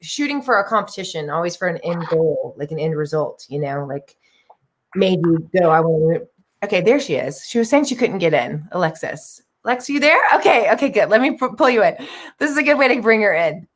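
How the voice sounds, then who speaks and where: A woman hosting a chatty video-call interview, her pitch bouncing up and down with animation. She gushes over her guest and keeps the talk moving with quick, eager questions. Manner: animated, gushing, effusive. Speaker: host.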